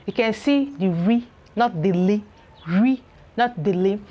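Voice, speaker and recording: A woman's voice: medium pitch, dull audio. Woman teaching reading with drilled syllables. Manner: drills syllables slowly, tagging lines with "okay?". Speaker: English teacher. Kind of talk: classroom lesson at a board. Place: classroom or room with a board.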